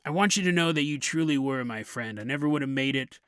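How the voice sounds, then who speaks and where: A man voicing a frail elderly person on a deathbed, talking low, quiet and pleading. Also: quick pace, clean tone, dry recording, clean studio sound, close to an everyday voice. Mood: sentimental.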